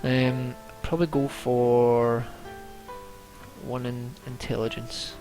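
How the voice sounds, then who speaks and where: A man's voice: medium pitch, flat delivery, slow. A young man giving chatty, casual commentary as he plays a video game at home, muttering to himself as he goes. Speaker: let's play gamer. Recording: game music loud behind.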